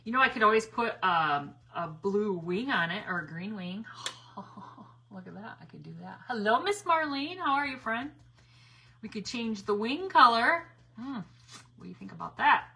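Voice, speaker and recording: A woman from the northern United States hosts a live craft stream, chatting casually as she paints, greeting viewers by name and laughing a lot. Her voice is medium in pitch, creaky and sharp, with lively intonation and a moderate pace, and there is slight background noise.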